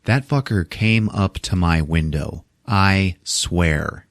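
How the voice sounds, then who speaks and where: A man's voice: low voice, takes it slowly, no echo, studio quality. A man doing an irritated young college woman.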